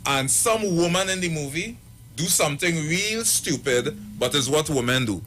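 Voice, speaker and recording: A man speaking as a pastor on a radio talk show, his voice bright and a little high. He tells stories with energy and slips into the voices of the people in them. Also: normal speed, a little hiss or hum. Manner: animated storyteller acting out quoted voices. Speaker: pastor and marriage counselor. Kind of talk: radio talk, storytelling advice.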